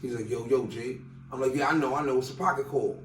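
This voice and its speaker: A man's voice: mid-range voice, racing, a bit bright, echoey room, far from the mic, slight background noise, rough recording. A man from Staten Island with a New York accent, telling loose, slangy stories as a rapper guest in an interview and acting out the dialogue. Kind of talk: casual interview storytelling.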